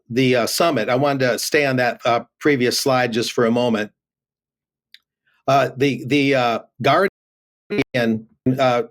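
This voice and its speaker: A man giving remote news commentary, reading headlines aloud with many fillers and restarts. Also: mid-range voice.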